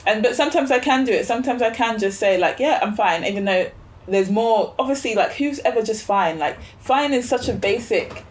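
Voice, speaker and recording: A woman's voice: a little high, animated, a little fast. A woman as a podcast guest in casual chat, reflective, thinking aloud with fillers and rhetorical questions.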